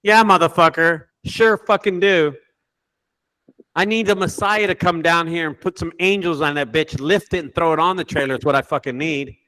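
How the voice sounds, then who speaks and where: A man who owns a junk removal business, telling animated, profane stories in a casual group chat. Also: fairly high pitch, moderate pace.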